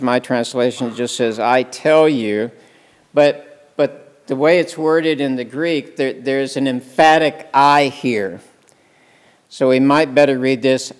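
A man delivers a sermon at a slow, deliberate pace, stressing words for emphasis and putting questions to his listeners. His voice sits at an ordinary pitch and carries a long hall reverb. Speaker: pastor.

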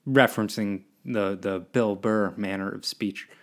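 Rambling young podcast host. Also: male voice, lowish voice, steady tone, unhurried. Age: 20s. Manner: rambling, self-deprecating, drifting between topics. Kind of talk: solo podcast monologue.

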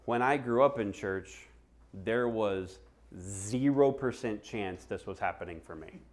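A man's voice: lowish voice, measured pace. A middle-aged man preaching a sermon, telling stories and acting out the voices of people he quotes. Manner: animated storytelling, acts out quoted voices. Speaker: pastor.

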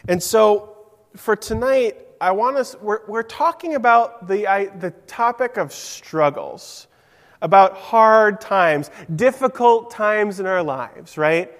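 High-voiced male preacher in a reverberant hall. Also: lively intonation, slow. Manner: simple, warm storytelling with questions to listeners. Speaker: preacher giving a children's message. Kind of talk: sermon.

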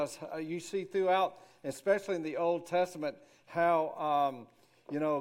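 A middle-aged man, a minister telling a homespun story in a rambling, folksy way with many restarts. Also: fairly high pitch.

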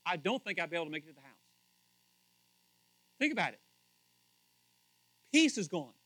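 Animated high-voiced man preaching a casual sermon. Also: no room sound, rough recording. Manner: conversational, animated, asks the audience questions. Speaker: pastor. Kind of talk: casual sermon, Bible teaching.

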